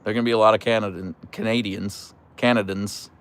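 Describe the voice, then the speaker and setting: A young man hosting a casual live stream and answering chat in a playful, animated way, with mock outrage and stammered restarts. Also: fairly low pitch, a little fast, hardly any pauses, smooth. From United States. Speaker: livestream host reading chat.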